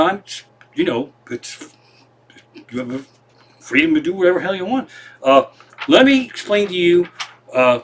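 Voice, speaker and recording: A man hosts a loose comedy stream from his living room, talking in a slightly high, bright, forward voice. He meanders from one tangent to the next and sprinkles in plenty of profanity, poking fun at himself as he goes. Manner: profane, meandering, self-deprecating. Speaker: comedian host. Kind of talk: rambling comedic monologue.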